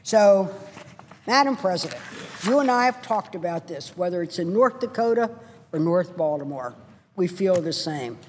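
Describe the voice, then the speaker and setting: Speaking at a moderate pace in a lowish, expressive voice, a woman senator pounds out short, repeated phrases in a fervent floor speech. The big chamber lends a long reverb, and faint hiss or hum sits underneath.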